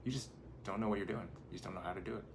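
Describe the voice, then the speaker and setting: A man's voice: deep voice, racing, vocal fry, slight background noise. A man, a life coach hosting his own channel, talking casually and rambling a little as he acts out his own thoughts. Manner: conversational, rambling, acts out inner thoughts in quotes. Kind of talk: casual motivational talk to camera.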